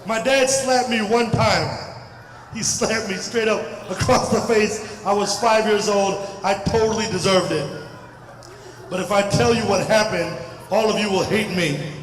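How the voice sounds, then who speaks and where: A middle-aged man from India doing a stand-up comedy set, talking loudly and playfully to the crowd. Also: high voice. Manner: loud, animated, playful crowd banter. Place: large hall at a community festival. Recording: echoey hall mic from a distance, crowd noise. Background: audience murmur and laughter.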